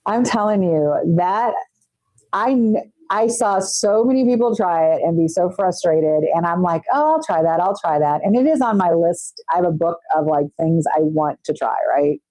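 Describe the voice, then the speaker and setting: A nail artist streamer chats with her viewers on a live stream while doing her nails, teasing them as she works and speaking into a wireless mic. Her fairly low voice has a dark tone and a normal pace. The audio is dry and poor.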